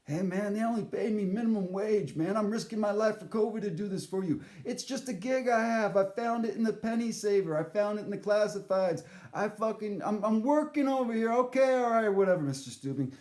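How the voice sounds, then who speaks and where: A man's voice: high-pitched, a little fast, few pauses, darkish tone, pitched above the performer's own voice, close to an everyday voice. A man voicing a lazy, drugged-out male ship captain who whines about being underpaid, talking in a defensive, slangy way. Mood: whiny defensive. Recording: roomy echo.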